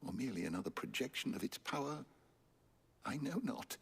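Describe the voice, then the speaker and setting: A man's voice: mid-range voice, animated, fairly quick, gravelly, a bit bright, breathy edge, heavily acted. An actor playing a grave, formal male scholar with a British accent and old-fashioned speech in a video game. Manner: formal archaic phrasing.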